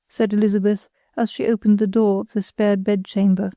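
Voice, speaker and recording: Mellow-voiced woman narrating an audiobook. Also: mid-range voice, flat delivery, moderate pace, few pauses, no echo, clean studio sound. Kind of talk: scripted narration.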